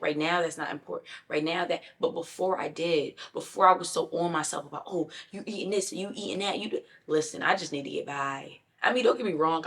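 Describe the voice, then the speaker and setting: A young adult woman talking candidly and emphatically to her viewers in a casual self-help vlog. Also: sits low. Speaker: lifestyle vlogger.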